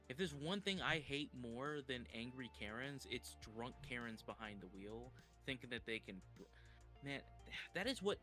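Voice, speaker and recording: A man's voice: medium pitch, pushed and bright. A man hosting a reaction stream, talking casually and swearing freely while telling stories.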